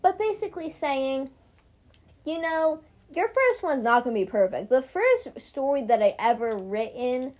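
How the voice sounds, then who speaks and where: A teenage girl co-hosting a casual chat podcast, playful and giggly, talking in quick bursts. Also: high voice, very animated, a little mellow. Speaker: podcast co-host.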